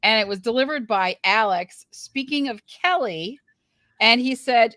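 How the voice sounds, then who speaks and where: Higher-voiced woman leading a podcast. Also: expressive, a little slow, sharp tone, no room sound, studio quality. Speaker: podcast host. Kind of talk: casual chat recapping a reality show.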